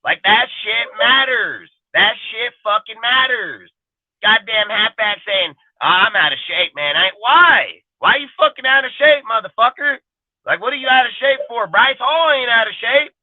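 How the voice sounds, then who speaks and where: A man's voice: very high voice, expressive, normal speed, no room sound. A man hosting a sports talk show, ranting in a heated, profane, exasperated way. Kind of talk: heated casual sports rant. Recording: tinny phone-like line, dry.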